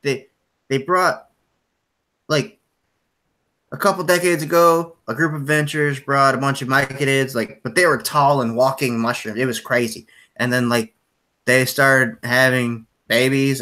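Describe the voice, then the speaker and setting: Brief: young male game master, bright voice, playful and rambling. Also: medium pitch, level tone, moderate pace. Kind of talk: narrating and voicing characters in a tabletop game.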